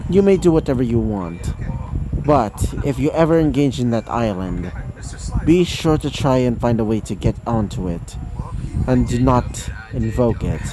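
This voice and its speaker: A man reading the lines of a tired woman commandant buried in paperwork, low-key and weary. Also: expressive, normal speed, lightly acted, poor audio. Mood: commanding.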